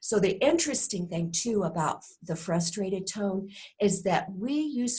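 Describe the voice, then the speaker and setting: A woman teaching a recorded course lesson, speaking deliberately and posing reflective questions. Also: mid-range voice, lively intonation, darkish tone. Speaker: course instructor.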